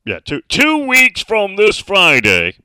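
A man's voice: sits high, wildly swooping pitch, slow pace, pushed and bright, smooth, dry recording, rough recording. A man hosting a casual sports talk radio show from a studio, chatting and reading out listener messages.

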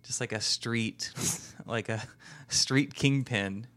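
Man, podcast co-host, casual chat, hesitant, filler-heavy, mid pitch. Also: slow pace, a bit bright.

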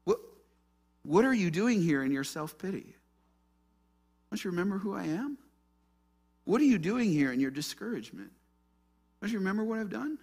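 A man preaching who voices God as soft and tender, asking questions without condemnation. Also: sits high, sing-song, moderate pace, pauses often, slightly rough, pitched above the performer's own voice, full character voice. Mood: gentle. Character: gentle, loving God speaking softly to a prophet. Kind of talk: sermon with acted quotes.

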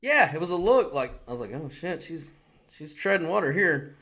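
A man's voice: fairly high pitch, normal speed. Swearing man telling a story. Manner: animated storyteller, heavy swearing, acts out quotes. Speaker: podcast co-host. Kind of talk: casual chat.

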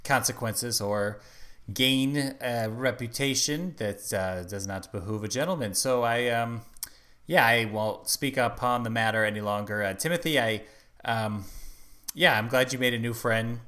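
A man's voice: medium pitch, a little slow, sharp tone. Prim, formal man on a comedy podcast. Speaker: podcast co-host. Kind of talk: deadpan improvised comedy.

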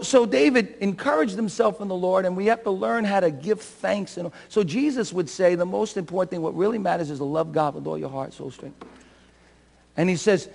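A pastor preaching a sermon with fervor, swinging from soft talk to shouting. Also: male voice, high voice, vocal fry, long reverb tail. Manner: self-described shouter and crier. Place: church sanctuary.

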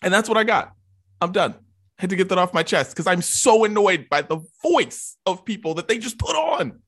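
A man with a bright, forceful voice, pitched a little high, rants in exasperation during a casual podcast chat and laughs often. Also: lively intonation, moderate pace, vocal fry, husky. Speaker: podcast host.

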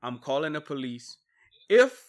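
A man's voice: a little high, very animated, unhurried. A man on a podcast in casual chat, spinning a laughing what-if story. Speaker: podcast co-host.

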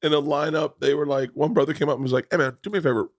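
A man hosting a casual podcast, telling stories excitedly and laughing often. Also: a little high, racing. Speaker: podcast host.

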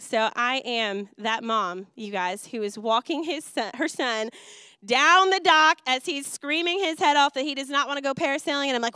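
Bright lively woman preaching. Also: sits high, moderate pace, no echo, clean studio sound. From Wisconsin. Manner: lively storytelling with laughs and acted quotes. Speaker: youth and missions pastor. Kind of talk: sermon. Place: church auditorium.

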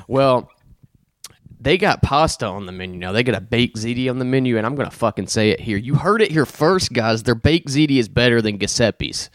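A man in the host's chair talks loosely and swears freely, riffing between topics. His pitch sits in an ordinary middle range. The recording is close and dry, with almost no room sound. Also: lively intonation, normal speed, no room sound. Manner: loose and profane, breaks into song. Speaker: podcast host. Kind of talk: casual chat.

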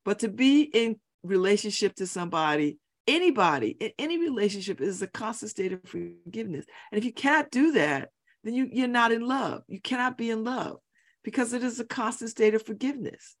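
In a radio studio, a middle-aged talk show host gives a preachy, opinionated monologue in a fairly high, animated voice, speaking briskly. She hammers her points with emphasis, repeating phrases for effect.

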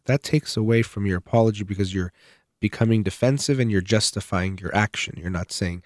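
Low-voiced man giving earnest advice. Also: brisk, dry recording, studio quality. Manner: earnest, explanatory, stresses key words. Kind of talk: unscripted advice talk.

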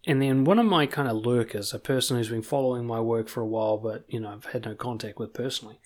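A man's voice: mid-range voice, fast. Blunt, swearing New man coaching. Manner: blunt, swears freely, animated emphasis. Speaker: confidence coach. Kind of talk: motivational monologue.

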